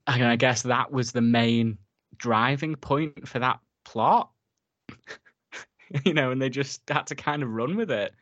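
A man co-hosting a casual film review podcast, talking in a relaxed way and laughing often. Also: medium pitch, takes it slowly, no echo, dull audio. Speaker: podcast co-host.

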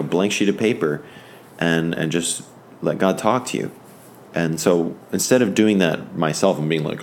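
A man with a very deep, low voice teaches an informal Bible lesson. He talks fervently but halts often and restarts his sentences. Faint ambience sits behind him. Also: a little hiss or hum. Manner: rambling and halting, with many fillers and restarts; fervent, enthusiastic.

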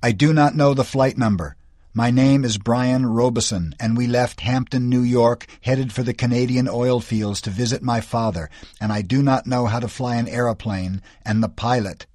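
A man's voice: mid-range voice, steady tone, moderate pace, darkish tone, no echo, studio quality, close to an everyday voice. A man voicing a terrified thirteen-year-old boy stranded in a plane, pleading for help in an audiobook. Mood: desperate. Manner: pleading, voice cracking with panic. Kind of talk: audiobook character voice.

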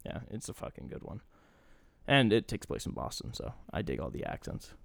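A man's voice: on the low side, sing-song, fairly quick, vocal fry, no echo. A young man co-hosting a podcast, chatting casually with enthusiasm and swearing freely. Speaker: podcast co-host. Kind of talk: casual chat.

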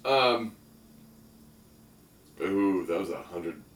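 A man's voice: deep voice, animated, extremely slow. A man co-hosting a casual chat, joking and rambling with lots of "like". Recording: roomy echo, distant mic.

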